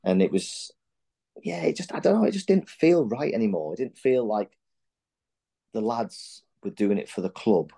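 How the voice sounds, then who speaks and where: A man's voice: on the low side, expressive, normal speed, creaky, warm tone, husky. A middle-aged man, a former footballer, guesting on a podcast and telling candid, blunt stories full of swearing and restarts. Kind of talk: casual chat.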